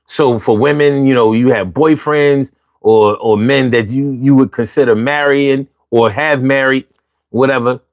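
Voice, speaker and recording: A man hosting an easygoing talk show, speaking at a mid pitch and chatting straight to his viewers. He poses rhetorical questions one after another and says key phrases twice to drive them home. His delivery stays loose and conversational throughout. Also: steady tone, measured pace, no room sound. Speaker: vlog host.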